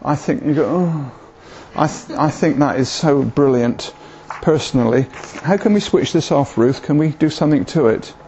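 A man's voice: fairly high pitch, moderate pace, few pauses, mellow, a little hiss or hum. An older man, giving an informal sermon in a rambling, hesitant way with self-deprecating humour. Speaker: preacher. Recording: dull lo-fi recording.

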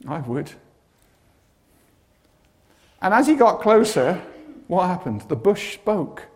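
A man's voice: high-pitched, unhurried. A man preaching a sermon, telling stories with dramatic flair and humorous asides. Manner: animated storytelling with humorous asides.

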